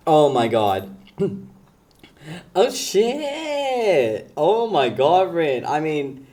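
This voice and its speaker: Sitting high in pitch but dark in tone, a man's voice chats easily with his stream's viewers. He teases them playfully, talks to chat members by name, and often bursts into giggles.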